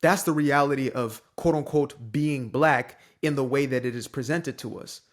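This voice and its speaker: A man's voice: mid-range voice, moderate pace. A young man from the Bay Area giving a casual, emphatic, preachy opinion monologue as a commentator. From San Francisco Bay Area.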